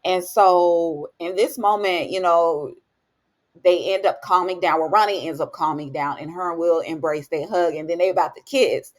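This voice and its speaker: A woman giving a chatty, animated episode recap in casual talk, dropping in words like honey and baby. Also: lowish voice, normal speed. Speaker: TV recap vlogger.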